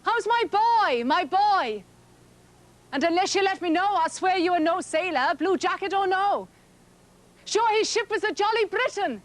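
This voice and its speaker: A woman's voice: very high voice, expressive, a little slow. A woman voicing a proud, anxious mother who demands news of her sailor son, in a dramatic poetry recitation. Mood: pleading. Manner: insistent, pleading.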